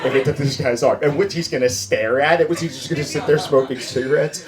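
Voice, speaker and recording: A man doing a stand-up comedy set on a club stage, animated and putting on voices for his bits. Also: mid-range voice, quick pace, hardly any pauses, very noisy. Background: faint crowd laughter.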